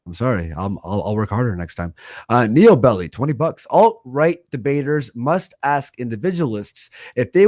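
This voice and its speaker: A man's voice: mid-range voice, no room sound, clean studio sound. A man hosting a livestream, chatting casually, ranting with lots of swearing and reading out viewer messages. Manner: animated, profane, quick to rant. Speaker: livestream host.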